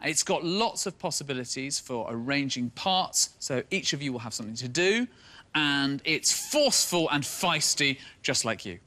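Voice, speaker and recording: A man's voice: mid-range voice, expressive, normal speed, sharp tone. A man presenting a talent contest on stage, upbeat and teasing as he talks to the groups. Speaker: choir mentor and show host.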